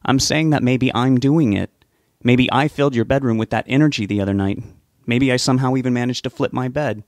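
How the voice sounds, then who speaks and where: A man's voice: medium pitch, fairly quick, darkish tone, no echo, lightly acted. A man reading an audiobook, voicing an anxious, stubborn young man who talks in an earnest, pleading way. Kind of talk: audiobook character voice.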